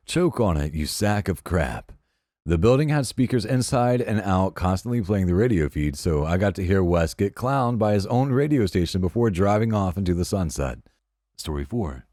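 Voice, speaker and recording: A man narrating reddit stories in an even, wry, scripted storytelling voice. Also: lowish voice, no room sound, clean studio sound. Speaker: podcast narrator.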